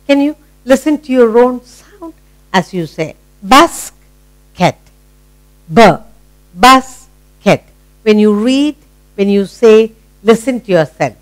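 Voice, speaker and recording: A middle-aged woman with an Indian English accent teaching a phonics lesson to children, encouraging them and repeating each word slowly. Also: high-pitched, poor audio. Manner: slow, sing-song, encouraging, repeating words.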